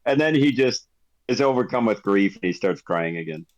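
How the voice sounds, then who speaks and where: A man's voice: lowish voice, lively intonation, moderate pace, dry recording, muffled recording. A man narrating as game master in a casual, laughing way.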